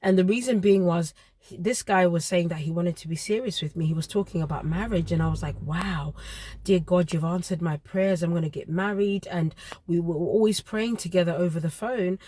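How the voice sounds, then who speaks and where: A woman, around her thirties, earnestly telling a personal story with emotional pauses. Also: fairly low pitch, a little mellow, dry recording.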